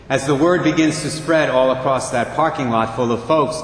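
Preacher guy telling a dramatic story, slow and hushed, roomy echo in a big hall. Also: mid-range voice, slight background noise. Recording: echoey hall, faint ambience.

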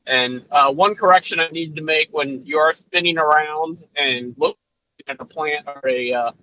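Bright-voiced rambling man, lo-fi sound. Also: a little high, normal speed, no room sound. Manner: rambling, lots of fillers and restarts, easygoing. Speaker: podcast co-host. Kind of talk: casual chat.

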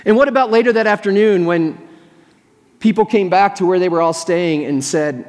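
A man's voice: high voice, normal speed, darkish tone. A man preaching a sermon as pastor, telling a story earnestly and imagining what people thought and said. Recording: long reverb of a large hall.

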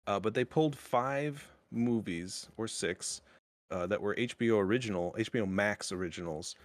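Low-voiced man hosting a casual chat. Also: dry recording. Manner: halting, many fillers and restarts. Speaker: podcast host.

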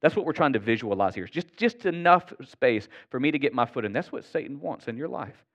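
A man's voice: medium pitch, expressive, fairly quick, highs cut off. A man who is a pastor, preaching a sermon in an earnest, conversational way and often checking in with the congregation.

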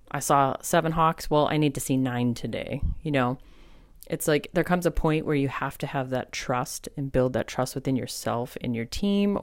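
A woman hosting a solo spiritual podcast, telling personal stories in a chatty, animated way with lots of fillers. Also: rumbling low, no echo, studio quality. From New England. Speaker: podcast host and medium.

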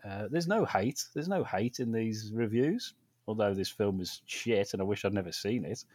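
A man's voice: lowish voice, big pitch swings, moderate pace, a little mellow, no echo. A man from the UK co-hosting a film podcast, talking in a sarcastic, laughing way. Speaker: podcast co-host. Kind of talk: casual chat.

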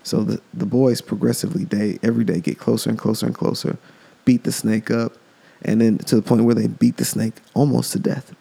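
A man's voice: medium pitch, steady tone, a little fast, gravelly, dark tone, breathy edge. A man hosting a podcast, talking in a loose, rambling casual monologue. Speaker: podcast host.

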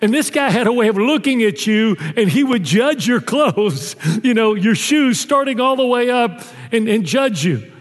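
A male pastor preaching a sermon in a church, telling stories and dropping low and soft on tender lines. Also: animated, moderate pace. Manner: storytelling, drops low and soft on intimate lines. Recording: long reverb of a church hall.

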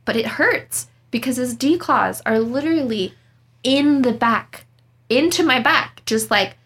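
A young woman telling a story in casual chat, animated and dramatic, laughing as she goes. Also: a little high, unhurried, breathy edge. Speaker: storyteller guest.

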